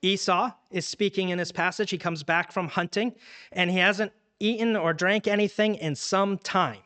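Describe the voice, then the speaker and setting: A man's voice: high voice, steady tone, moderate pace, sharp tone, clean tone. A man teaching a church Bible study in a conversational way, asking the class many questions. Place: church room.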